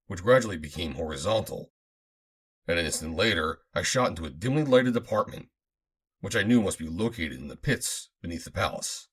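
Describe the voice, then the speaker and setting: A man reading a first-person adventure audiobook aloud, in a dramatic, expressive manner. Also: sits low, a little fast, slightly rough. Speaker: audiobook narrator.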